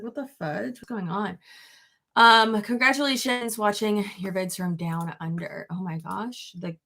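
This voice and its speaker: A young woman chats loosely and candidly, her voice husky and pitched a little low. She swears freely and talks to her viewers. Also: a bit bright. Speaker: YouTuber on a livestream. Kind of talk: casual chat reading comments.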